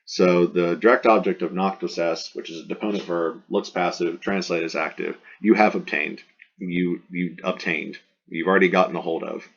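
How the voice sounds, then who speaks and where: Male Latin teacher, deep and gravelly, casual explaining lecture style with fillers, muffled lo-fi recording. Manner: explanatory and conversational, many fillers and restarts. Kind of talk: line-by-line classroom translation lecture. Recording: dull lo-fi audio.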